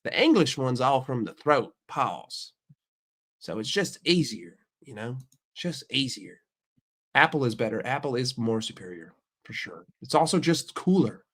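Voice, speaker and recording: A man's voice: mid-range voice, very animated, unhurried, a bit bright. An American man with a blocked nose from a cold, bantering with his chat in a brash, profane, mock-outraged way. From United States. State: sick with a stuffy nose. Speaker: streamer answering chat. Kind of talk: casual livestream chat.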